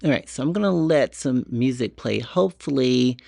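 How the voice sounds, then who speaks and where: Chatty man with a gravelly voice. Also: medium pitch, expressive, moderate pace, a little mellow, no room sound, studio quality. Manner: chatty, rambling, eager collector. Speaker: Halloween shopping vlogger. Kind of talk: casual walk-through shopping vlog. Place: inside a retail store. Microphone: portable mic while walking.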